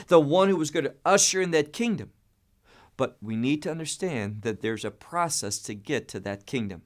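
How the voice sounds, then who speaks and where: A man teaching a Bible study, emphatic and stressing key words, with frequent repeats and restarts. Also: on the high side.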